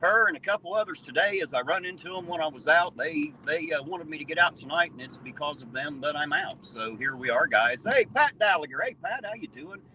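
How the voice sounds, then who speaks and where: A man with a southern Ohio accent hosting a casual live stream from his car, loud and joking, reading out chat and swearing freely. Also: fairly high pitch, lively intonation, a little fast, few pauses, slight background noise, poor audio. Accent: southern Ohio, Appalachian-tinged. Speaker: livestream host. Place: in a car at night.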